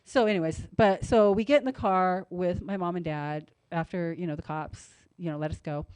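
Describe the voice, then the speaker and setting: A woman co-hosting a radio talk show, telling a story in a casual, animated way with lots of "like" and "you know", and acting out the other people's voices. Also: normal speed, smooth, no echo. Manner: animated, acts out quoted voices with big pitch jumps.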